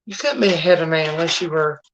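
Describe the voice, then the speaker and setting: A woman's voice: low voice, fast talker, a little hiss or hum, low-quality recording. A middle-aged woman with a Southern US accent, chatting casually with viewers on a live stream in a homey, friendly way. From United States. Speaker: livestream host.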